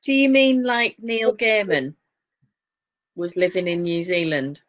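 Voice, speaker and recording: A woman's voice: fairly low pitch, lively intonation, measured pace. A woman with a Northern English accent, co-hosting a casual podcast chat, telling stories and laughing often. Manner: chatty storyteller, laughs often. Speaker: podcast co-host. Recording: dull lo-fi sound.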